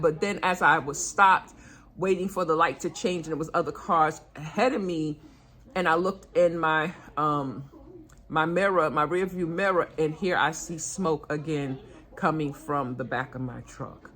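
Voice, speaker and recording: A woman's voice: sits low, sharp tone. Earnest older woman telling a story. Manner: chatty, earnest, retelling with quoted dialogue. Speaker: vlogger. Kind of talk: casual storytelling vlog.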